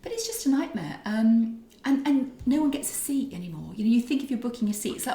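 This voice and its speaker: A chatty middle-aged woman tells stories around a kitchen table in a relaxed podcast chat. Her voice carries a gravelly fry, and the room around her is noticeably echoey. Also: on the high side, fast talker, hardly any pauses. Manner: chatty, animated storyteller. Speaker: podcast co-host. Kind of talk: casual chat.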